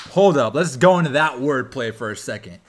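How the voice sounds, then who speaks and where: A man hosts a casual music reaction, pausing the track to break down lyrics with bursts of excitement and laughter. His voice sits at a medium pitch, and he talks as if explaining to friends. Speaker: reaction video host.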